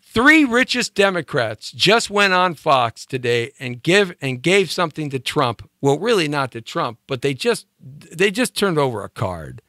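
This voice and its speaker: A man's voice: on the high side, very animated, a little slow, sharp tone, dry recording, studio quality. A man hosting a live talk show, delivering an emphatic opinion monologue full of repeated rhetorical questions. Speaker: show host.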